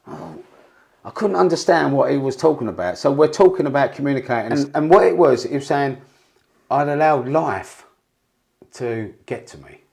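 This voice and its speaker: A man's voice: mid-range voice, lively intonation, moderate pace, gravelly, a little mellow. A man, a podcast guest, telling rambling, candid stories with frequent swearing and restarts. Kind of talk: candid storytelling interview.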